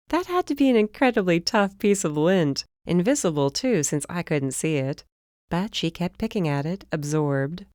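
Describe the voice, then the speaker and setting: A woman's voice: low voice, expressive, moderate pace, a little mellow, clear, resonant tone, no room sound, studio quality. A young adult woman reading a first-person novel in a wry, conversational way. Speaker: audiobook narrator. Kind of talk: first-person scripted narration.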